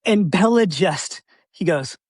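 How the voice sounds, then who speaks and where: A man co-hosting a casual movie podcast. He laughs often and acts out quoted lines in animated voices. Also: high-pitched, takes it slowly, no echo. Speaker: podcast co-host.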